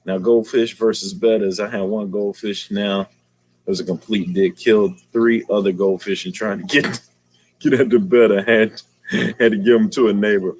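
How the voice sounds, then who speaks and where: A man's voice: on the low side, steady tone, normal speed, a little mellow, breathy edge. A man hosting a casual aquarium livestream, talking in slang and greeting viewers by name.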